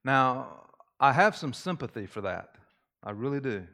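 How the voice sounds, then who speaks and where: A man preaching a sermon, leading a short prayer and explaining terms in a measured way, repeating key phrases for emphasis. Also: mid-range voice, lively intonation, sharp tone. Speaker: pastor.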